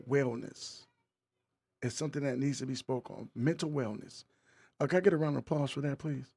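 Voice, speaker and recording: A man with a medium-pitched, creaky, darkish voice hosts his podcast in a casual monologue. He hypes the crowd, calls for applause, and talks loosely and repetitively about mental wellness.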